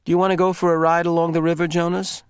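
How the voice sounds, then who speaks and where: A man voicing a gentle, nervous young girl in a storybook reading. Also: very high voice, sing-song, normal speed, no echo, clean studio sound, voice pushed up, heavily acted. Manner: gentle, hesitant.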